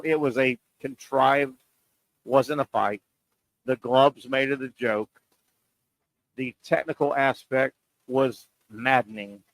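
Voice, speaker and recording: A man hosts a sports talk show in a mid-range voice, making his point with rhetorical questions and repeated key lines. He pauses and stretches words for emphasis, and the recording is dry with poor audio.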